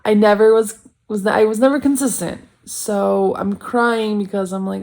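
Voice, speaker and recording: A woman's voice: mid-range voice, moderate pace. A woman in her twenties talking candidly to camera in a casual vlog, blunt and self-critical, rambling with lots of "like". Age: 20s. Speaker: vlogger.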